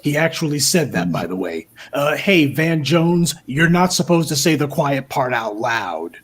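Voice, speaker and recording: A man delivering scripted political commentary in a steady, argumentative and lightly sarcastic way. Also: a little high, measured pace, husky.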